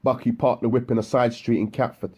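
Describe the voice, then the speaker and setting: A man narrating an audiobook in a steady, matter-of-fact way with a husky voice. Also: medium pitch, a little fast, lo-fi sound.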